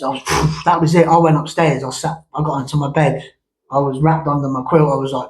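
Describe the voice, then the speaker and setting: A man's voice: a little high, level tone, a little fast, poor audio. A man telling a long ghost story from his past in a rambling, conversational way, with many restarts and asides. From England. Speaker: vlogger.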